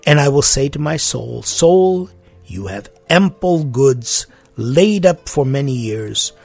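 A man preaching a sermon, emphatic and deliberate, repeating his key phrases for weight. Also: medium pitch, animated, vocal fry, a little mellow, husky, soft background music.

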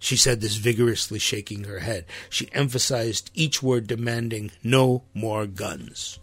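A man preaching a sermon in an impassioned way, rising to sharp emphasis and reading passages aloud. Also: on the low side, unhurried, few pauses, slightly rough, no echo, soft background music.

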